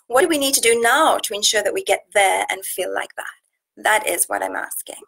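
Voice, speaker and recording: A woman from South Africa talks through a casual live session as a nutrition coach. She speaks in an earnest, chatty way, often restarting her sentences. Her voice sits at a middle pitch and has a gravelly fry. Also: fairly quick, a bit bright, poor audio. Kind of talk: casual live stream talk, reading out viewer comments.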